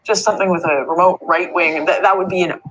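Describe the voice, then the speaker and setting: A woman's voice: on the low side, fairly even intonation, fast, fairly bright tone, slight background noise, rough recording. A young woman answering interview questions in an earnest, worried way. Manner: earnest, worried, talks with fillers like "like".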